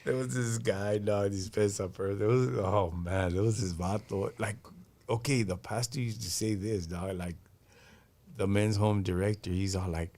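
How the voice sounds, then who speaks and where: A man's voice: fairly low pitch, normal speed. A man hosting a live stream, telling stories in casual, slang-filled chat and acting out what people said. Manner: slangy, animated, acts out quotes from his stories.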